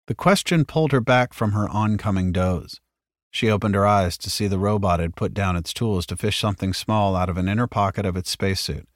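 Guy reading scifi story aloud, lowish voice, dry close mic. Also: a little fast, dry recording. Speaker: narrator. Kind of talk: audiobook reading of science fiction.

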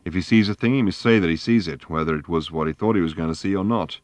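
A man voicing an eccentric older male scientist who explains himself calmly and earnestly, in a lecturing, reflective manner. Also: deep voice, fast talker, no room sound, natural voice.

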